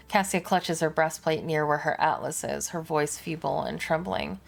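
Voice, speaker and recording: A woman's voice: low-pitched, steady tone, normal speed, gravelly, hardly any pauses, soft background music. A woman streamer reading game narration aloud, with casual asides.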